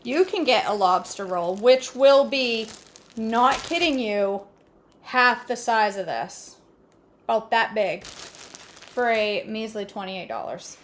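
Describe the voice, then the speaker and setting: Woman, higher voice, folksy chatty vlog host, home kitchen, faint dish clatter behind. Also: animated, takes it slowly, slight background noise. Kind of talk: casual cooking vlog chat.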